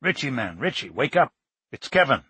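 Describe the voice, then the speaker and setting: A man voicing an excited, secretive young Brooklyn man with a Brooklyn accent. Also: medium pitch, moderate pace, slightly rough, no echo, heavily acted. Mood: excited teasing.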